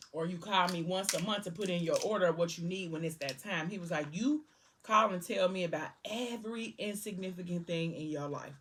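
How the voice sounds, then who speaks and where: A woman with a husky, breathy voice talks through a book's plot in a loose, chatty way, quoting the characters as she goes. She sits a little back from the mic, so her voice sounds slightly distant. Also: fairly low pitch, a bit bright. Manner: retells scenes loosely, quoting characters with "he was like". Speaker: book vlogger. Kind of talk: casual book recap while eating.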